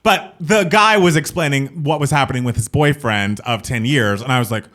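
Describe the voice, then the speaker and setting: A man's voice: medium pitch, fairly quick, a bit bright. A young adult man co-hosting a podcast, chatting casually and emphatically about a fan event. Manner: enthusiastic, emphatic fan talk. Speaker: podcast co-host. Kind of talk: casual chat.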